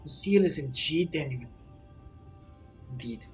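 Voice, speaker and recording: A woman's voice: low voice, lively intonation, unhurried, dull audio, soft background music, voice pushed down. A woman voicing a dignified mature woman chieftain in a mock Scottish accent, reading game dialogue formally. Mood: stately.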